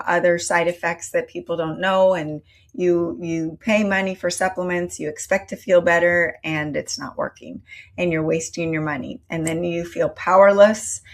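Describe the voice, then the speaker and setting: Mujer de mediana edad, voz algo grave, contando su historia con convicción. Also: female voice, on the low side. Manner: earnest, storytelling, with fillers. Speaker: company founder. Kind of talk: interview answers.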